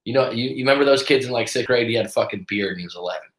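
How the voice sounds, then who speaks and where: A man's voice: mid-range voice, rapid-fire, echoey room. A man hosting a live stream as a coach, telling a story in a casual, profane way and acting out the lines of the people in it. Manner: profane, animated storyteller who acts out quotes.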